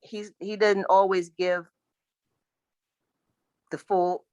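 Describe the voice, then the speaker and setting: A woman answering questions at a spiritual reading, speaking haltingly with repeated restarts. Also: mid-range voice, flat delivery, darkish tone, no room sound. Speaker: client at a psychic reading. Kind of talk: casual conversation.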